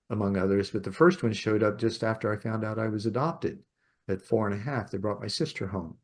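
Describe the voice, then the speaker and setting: A man hosting a podcast, telling a personal story in a rambling, reflective way with soft laughs. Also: on the low side. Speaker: podcast host. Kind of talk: reflective storytelling in casual conversation.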